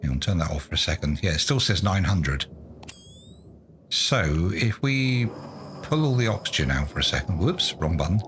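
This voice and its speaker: A man's voice: sits low, animated, moderate pace, fairly bright tone, a little hiss or hum. A man doing let's play commentary, muttering to himself in a self-mocking, exasperated way. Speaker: gaming YouTuber.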